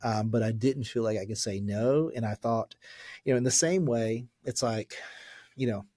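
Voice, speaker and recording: A man's voice: medium pitch, warm tone, no room sound. Earnest man in his forties, dry sound. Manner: earnest, halting, full of fillers and restarts. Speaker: pastor, podcast guest. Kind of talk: candid personal testimony in a podcast interview.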